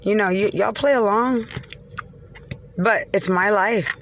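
A woman's voice: medium pitch, takes it slowly, noisy background. A woman from Texas, ranting from inside her car in an agitated, profane, rambling way. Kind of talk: angry rambling rant.

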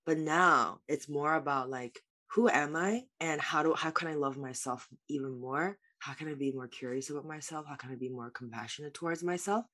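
A woman's voice: deep voice, moderate pace, hardly any pauses, a bit bright. A woman speaking as a life coach guest in an interview, answering in an earnest, reflective way with many "like" fillers.

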